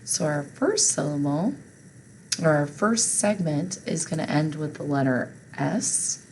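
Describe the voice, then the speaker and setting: A woman's voice: low-pitched, animated, measured pace, darkish tone, slight background noise, rough recording. A woman teacher leading a phonics spelling lesson for children, patient and encouraging.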